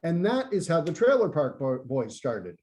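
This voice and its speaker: A man's voice: a little high, sing-song, normal speed, a little mellow. A man talking casually on a podcast, often repeating words as he thinks. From Canada.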